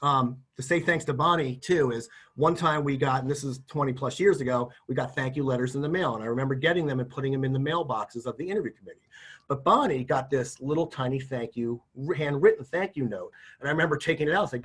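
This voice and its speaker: This career services presenter, a middle-aged man, offers practical job interview advice in a folksy, conversational instructional talk, often acting out sample lines. His medium-pitched voice is fast and a bit bright with a breathy edge.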